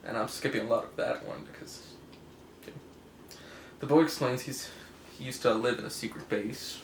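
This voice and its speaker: Speaking at normal speed with a steady, mid-range tone, a man who hosts comic book videos rambles through a story in a relaxed review. He laughs a lot and keeps correcting himself; the recording has room echo and a faint hiss.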